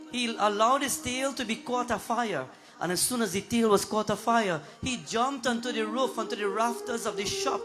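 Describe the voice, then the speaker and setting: A male pundit telling a devotional story and leading chants, with call-and-response singing. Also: sits high. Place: live religious gathering with accompanying musicians. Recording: live with keyboard and drums behind.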